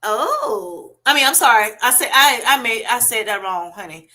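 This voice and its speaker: Bright-voiced woman chatting on a livestream. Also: a little high, sing-song, moderate pace. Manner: chatty, many fillers, reads out viewer comments. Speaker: livestream host reading chat. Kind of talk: casual livestream chat.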